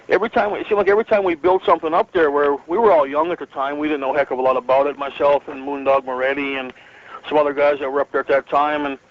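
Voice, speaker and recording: A man's voice: fairly high pitch, dull audio. A middle-aged man from northern Michigan, a retired wrestler telling stories as an interview guest, rambling with many fillers and restarts and chuckling often. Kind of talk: relaxed storytelling interview.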